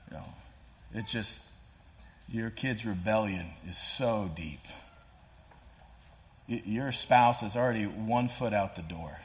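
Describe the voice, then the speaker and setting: A man preaching a sermon in a relaxed, conversational way, full of "like" and "kinda", and acting out the scripture quotes with feeling. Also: mid-range voice. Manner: casual, animated preaching with fillers like "kinda" and "like"; voices scripture quotes with rising intensity. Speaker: pastor.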